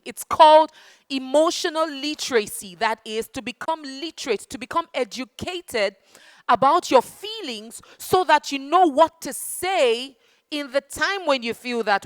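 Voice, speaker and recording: A woman giving an interactive talk to children, animated and affectionate, calling them darling and baby. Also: fairly high pitch, dry recording. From Nigeria. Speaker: children's book festival speaker. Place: festival hall with young audience.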